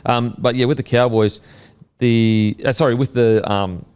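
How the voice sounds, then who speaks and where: A man with an Australian accent hosting a casual sports podcast, animated and swearing, full of fillers. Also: mid-range voice, measured pace, clean tone. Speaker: podcast host.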